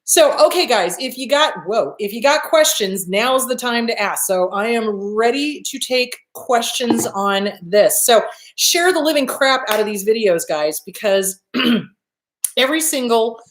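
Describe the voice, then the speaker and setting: A woman's voice: fairly high pitch, lively intonation, a little slow, a little hiss or hum. A woman hosting a live advice talk, answering viewer questions in a blunt, emphatic way and swearing casually. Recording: roomy echo.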